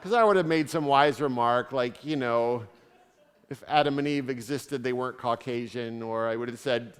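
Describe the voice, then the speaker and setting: A man's voice: medium pitch, normal speed. A man speaking as a visiting theologian, answering audience questions with stories and wry asides. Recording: reverberant hall sound.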